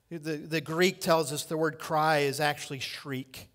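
A man preaching a sermon as pastor, swinging between loud impassioned cries and hushed lines and repeating key phrases for emphasis. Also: a little high, fairly even intonation, a little slow.

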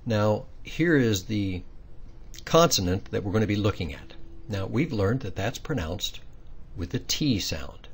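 A man's voice: on the low side, sing-song, measured pace, slightly rough. A man teaching pronunciation step by step, in a patient, explaining way with little quiz questions. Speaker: language teacher. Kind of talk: recorded pronunciation lesson.

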